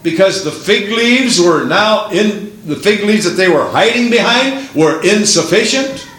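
A high-pitched male preacher delivers his sermon with an emphatic, rolling cadence and presses the congregation with rhetorical questions. His voice rings through a roomy, echoing church. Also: animated, unhurried, fairly bright tone.

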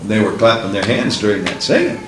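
A man preaching a Pentecostal sermon who builds to excited exclamations and breaks into laughter. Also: lowish voice, brisk, roomy sound, background noise.

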